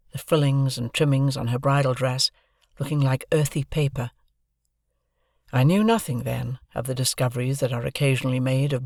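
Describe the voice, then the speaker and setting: A man reading a classic novel aloud as an audiobook narrator, with a measured, expressive delivery. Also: mid-range voice, creaky, no room sound, studio quality.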